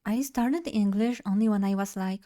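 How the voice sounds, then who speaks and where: A young Polish woman streams and chats casually in a mid-range, dark-toned voice. She rambles a bit, pokes fun at herself, and laughs easily.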